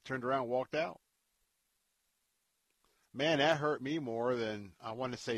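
A man's voice: mid-range voice, takes it slowly, long pauses, no echo. Male radio host with a mid-range voice, earnest and preacherly, recorded dry and close. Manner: earnest, preacherly, drops to a hush for stories. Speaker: radio talk show host. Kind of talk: Christian radio devotional talk.

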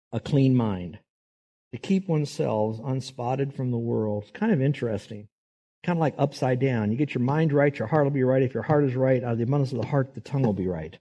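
A man's voice: medium pitch, warm tone. A man preaching a sermon in an earnest, conversational way, rising emphatically to make his points.

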